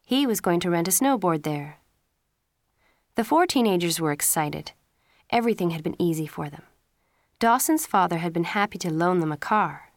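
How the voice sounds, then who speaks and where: Woman reading a story, lowish voice. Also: lively intonation, moderate pace, pauses often, no echo, studio quality. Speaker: storybook reader. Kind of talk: scripted narration.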